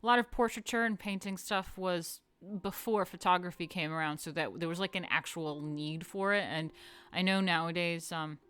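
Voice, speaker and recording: A woman's voice: fairly low pitch, moderate pace, fairly bright tone, clean tone. A woman hosting a casual art history lecture, chatty and swearing, often drifting into asides. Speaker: host.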